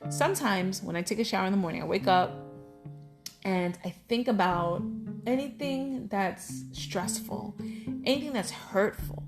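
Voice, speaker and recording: A woman's voice: medium pitch, normal speed, music in the background. A middle-aged woman vlogging about her life in a candid, heartfelt, rambling way. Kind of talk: casual personal talk to camera.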